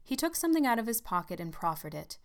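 Smooth-voiced woman reading a story. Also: a little high, sing-song, fast talker. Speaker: narrator.

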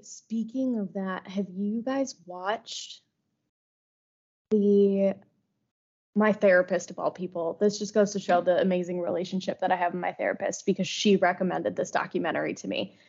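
A young woman co-hosting a podcast, retelling stories lively in casual chat, sometimes rushing ahead. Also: medium pitch, creaky. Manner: lively retelling, bursts of speed. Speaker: podcast co-host. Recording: slightly dull lo-fi podcast audio.

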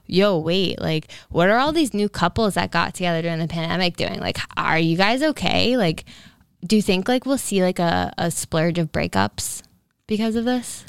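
Speaking at a moderate pace with vocal fry, a podcast co-host in her twenties tells a rambling personal story in casual chat, filling it with "um" and lots of "like." Her lowish voice has a clean tone, recorded dry at studio quality.

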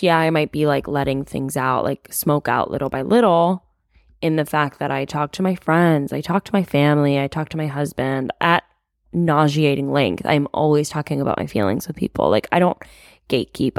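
A young woman with a low voice hosts a candid solo podcast, speaking openly about her feelings. She confides freely, leans heavily on "like," and swears now and then; the sound is studio quality with no room sound.

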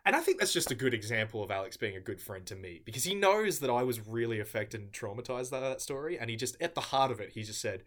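A man giving a mock-earnest, deadpan comedic debate speech. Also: medium pitch, fast, hardly any pauses.

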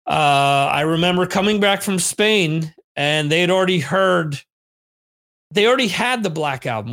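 Rambling, cursing podcast host. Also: male voice, sits high, a bit bright. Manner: rambling, profane storytelling. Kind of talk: casual monologue, answering listener questions. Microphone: on camera, streamed video.

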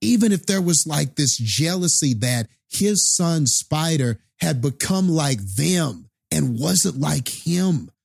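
A man with a fairly high, husky voice rants slowly about a movie, drawing out his words and repeating points for emphasis. His pitch rises and falls widely with feeling. The recording is dry and close. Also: animated, a little mellow, no echo. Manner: passionate, ranting about wasted potential. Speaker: movie discussion co-host. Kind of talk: casual chat.

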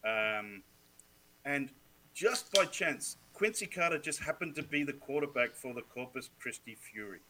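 A man from Wales, a guest on a sports podcast, telling lively stories, swearing freely and laughing often. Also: mid-range voice, moderate pace, noisy background. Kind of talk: casual chat.

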